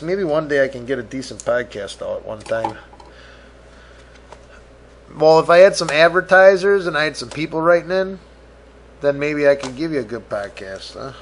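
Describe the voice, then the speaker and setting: A man's voice: on the high side, noisy background. A middle-aged man hosting a casual solo podcast, rambling, swearing freely and mocking himself. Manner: rambling, profane, self-mocking. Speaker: podcast host.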